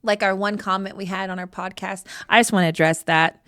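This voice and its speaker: A woman co-hosting a casual podcast chat in a voice of middling pitch. She is playful and laughs often between her lines. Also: fairly even intonation, a little fast, fairly bright tone, dry recording, clean studio sound. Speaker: podcast co-host.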